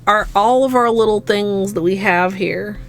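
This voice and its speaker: Soft-spoken Minnesotan woman streamer. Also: mid-range voice, measured pace. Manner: soft-spoken and rambling, talking to chat. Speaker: nail art streamer. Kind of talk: casual livestream chat.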